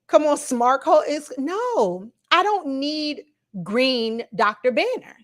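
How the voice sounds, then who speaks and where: A woman hosting a casual livestream, chatting to her viewers and reacting as she talks, animated and quick to laugh. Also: high-pitched. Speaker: livestream host.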